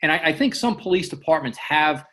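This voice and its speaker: A man's voice: a little high, lively intonation, fairly quick, fairly bright tone. A man speaking as an interview guest, a former FBI agent who answers thoughtfully and often repeats words as he thinks. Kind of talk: casual interview chat.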